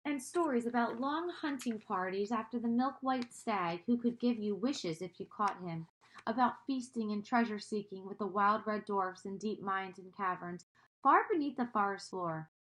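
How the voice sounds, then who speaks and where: A woman reading a children's storybook aloud, gently stopping to explain words and ask her listeners questions. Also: medium pitch.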